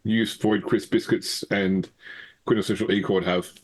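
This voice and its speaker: A man's voice: on the low side, flat delivery, moderate pace. A man playing a tabletop game, talking hesitantly with many restarts. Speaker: player. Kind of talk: casual tabletop play.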